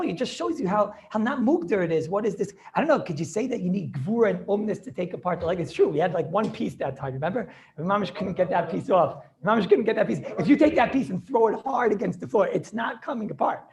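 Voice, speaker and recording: A man's voice: sits high, lively intonation, fast, few pauses, a little mellow. A man, a rabbi, teaching an informal class over a video call, joking and talking back to his students.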